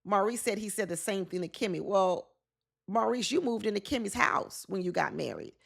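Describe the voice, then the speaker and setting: A woman talks through a reality show episode in casual, opinionated commentary. Her voice has a gravelly, creaky texture at a middle pitch. She often slips into the words of the people she discusses. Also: animated, moderate pace, a bit bright. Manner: opinionated, acts out quotes of cast members.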